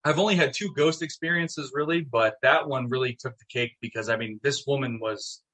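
A middle-aged man telling a story in casual chat, animated and swearing, acting out what people said. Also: mid-range voice, fairly quick. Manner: animated, swearing, acts out quotes. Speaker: guest, town mayor.

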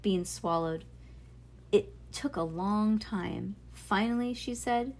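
A woman's voice: mid-range voice, measured pace, darkish tone. A woman reading a children's book aloud in an informal way, stopping now and then to correct her own misreadings. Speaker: reader.

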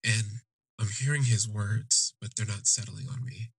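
A man hosting a podcast, telling a personal story in a halting, emotional way. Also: fairly low pitch, steady tone, breathy edge, dry recording. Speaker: podcast host.

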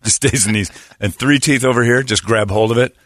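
A man's voice: medium pitch, a little fast, fairly bright tone, no room sound, clean studio sound. A man hosting a radio show, telling a story in a casual, self-mocking way. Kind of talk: casual morning-show chat.

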